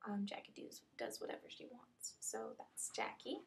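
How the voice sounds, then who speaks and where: A woman's voice: fairly high pitch, lively intonation, normal speed, gravelly, whispered. A young woman casually describing characters for a fan series audition call, chatty and full of ums. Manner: chatty, many ums, describes characters one after another.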